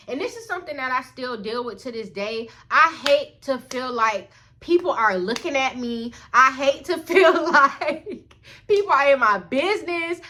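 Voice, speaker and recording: A young woman vlogger telling a storytime in a chatty, expressive way, often talking straight to her viewers. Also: slight background noise. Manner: chatty, expressive, keeps addressing viewers as y'all; acts out quoted lines in a higher put-on voice. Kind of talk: storytime vlog.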